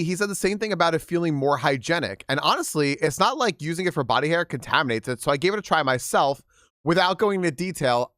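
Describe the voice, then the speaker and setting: A man's voice: fairly high pitch, a bit bright, no room sound, clean studio sound. A man streaming casually, reading comments aloud with frequent laughs, swearing and rambling restarts.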